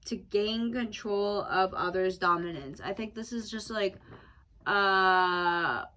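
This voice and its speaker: Young woman vlogger, bright tone, unhurried profane rambling monologue. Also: medium pitch. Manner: loose and profane, with frequent laughs. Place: at home.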